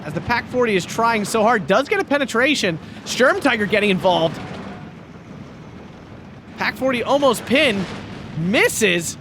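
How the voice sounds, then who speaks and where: A man casting a strategy game tournament match, excitable, laughing often and shouting at big plays, a little hoarse from talking. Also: very high voice, unhurried, long pauses, background noise. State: losing his voice. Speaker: tournament caster.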